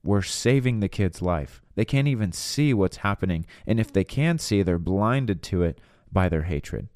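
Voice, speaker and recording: A man with a fairly low voice, preaching with earnest conviction on a podcast. He builds his points with stories and rhetorical questions. The close mic gives a dry, intimate sound. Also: lively intonation, moderate pace, a little mellow, dry recording. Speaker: podcast minister. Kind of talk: preaching monologue.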